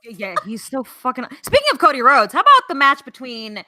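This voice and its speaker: A woman hosting a podcast in casual chat, animated, swearing and laughing often. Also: high-pitched, fairly quick, dry recording, clean studio sound. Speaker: podcast host.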